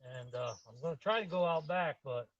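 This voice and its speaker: Here the host's voice is fairly high and brisk, captured with no echo and the high frequencies cut off. He runs an easygoing outdoor garden tour on a live stream, talking to viewers in a rambling, friendly-plain style. Filming happens on a phone or camera, first tripod-mounted, then handheld on the move.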